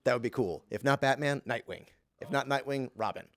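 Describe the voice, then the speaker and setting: Guy voice actor in an interview, medium pitch, laid back and chatty, lots of ums, gets lively telling stories. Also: a little fast. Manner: chatty, relaxed, many fillers and restarts. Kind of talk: casual interview answers.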